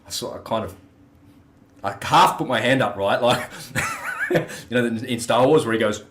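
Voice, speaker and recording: A man's voice: mid-range voice, sing-song, normal speed, noisy background. Blunt, profane man. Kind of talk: casual podcast conversation.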